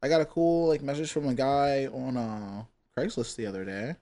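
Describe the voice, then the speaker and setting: A laid-back man hosting a casual chat, his pitch sitting in the middle. He talks loosely and scatters fillers such as "dude" and "man" all through. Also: steady tone, normal speed, warm tone. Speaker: host.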